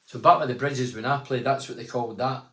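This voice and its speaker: A man's voice: mid-range voice, fairly even intonation, fast talker, fairly bright tone. Chatty man in an echoey room. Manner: chatty storytelling, reads fans' messages aloud. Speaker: phone-in show host and former footballer. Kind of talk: casual phone-in chat reading out messages.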